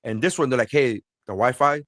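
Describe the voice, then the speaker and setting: A man's voice: medium pitch, a little fast, fairly bright tone, dry recording. A man co-hosting a podcast remotely from a cruise ship, telling rambling stories with swearing and acted-out quotes. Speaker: podcast co-host. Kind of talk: casual podcast chat.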